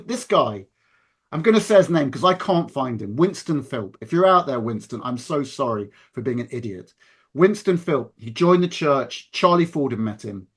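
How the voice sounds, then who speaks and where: A man talking in a relaxed, conversational way with a fairly high voice. He speaks earnestly and presses his points with emphasis. He often breaks off mid-sentence and starts again. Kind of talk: casual conversation.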